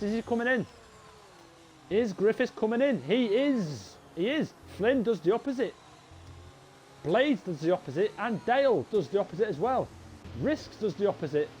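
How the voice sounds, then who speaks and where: A young Englishman calls a live sim race in a bright, high voice, chatty and quick to get excited. He talks straight to his viewers as mates. A faint hiss of noise sits behind him. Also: rough recording. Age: young adult. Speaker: race commentator. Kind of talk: live sim racing commentary.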